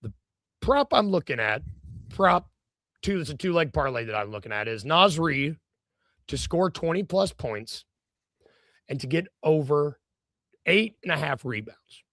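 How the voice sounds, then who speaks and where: A man's voice: a little high, expressive, unhurried, gravelly, pauses often, fairly bright tone, no room sound, studio quality. A man co-hosting a sports podcast, rambling through casual chat with lots of fillers and restarts. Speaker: podcast co-host.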